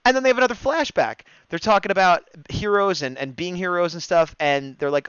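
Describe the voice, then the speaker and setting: A man co-hosting a fan discussion show, excitedly rambling through an episode recap and acting out quoted lines. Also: a little high, brisk, hardly any pauses, clean tone, no room sound. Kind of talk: casual recap chat, livestream. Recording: dull, dry, lo-fi stream mic.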